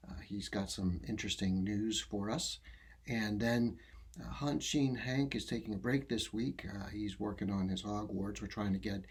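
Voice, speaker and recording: A man hosting a podcast, wrapping up a segment in a soft-spoken, halting way with many fillers. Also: lowish voice, slightly rough. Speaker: podcast host. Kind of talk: casual podcast wrap-up.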